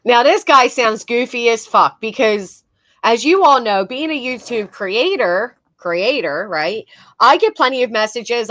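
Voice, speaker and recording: A woman's voice: on the high side, fairly bright tone, dry recording. A woman hosting casual commentary on video clips, blunt and swearing, talking to her chat between clips. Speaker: commentary host.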